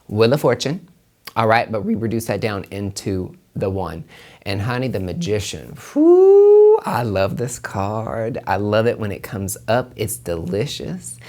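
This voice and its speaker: A man hosting a solo podcast on tarot and numerology, talking emphatically with plenty of swearing, repeating his points and calling the listener honey. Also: lowish voice. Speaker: podcast host and tarot reader.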